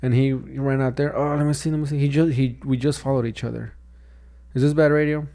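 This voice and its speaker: A man's voice: mid-range voice, flat delivery, fast talker, mellow. A young man co-hosting a podcast, telling a story in a rambling, casual way, with many restarts and "dude". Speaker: podcast co-host, comedian. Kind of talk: casual chat.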